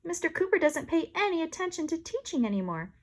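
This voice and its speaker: Lady playing a serious little know-it-all girl, huffy, pitch jumps around. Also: big pitch swings, fast talker, heavily acted. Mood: earnest. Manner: earnest, huffy, a bit bossy. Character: fussy schoolgirl, serious and bossy.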